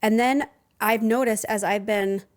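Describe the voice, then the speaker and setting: A woman's voice: fairly high pitch, fairly even intonation, unhurried. A woman in her thirties hosting a podcast, talking earnestly and reflectively as a life coach, laughing often. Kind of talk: casual podcast chat.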